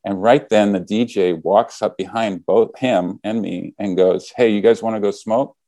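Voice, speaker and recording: A man's voice: fairly low pitch, steady tone, normal speed, mellow, no room sound. A man casually telling a story, acting out the quoted lines as he goes.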